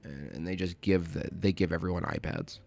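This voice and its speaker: A man's voice: deep voice, fairly even intonation, fairly quick, creaky, darkish tone, soft background music. A man giving sarcastic live commentary while reacting to protest footage, rambling and mocking as he goes.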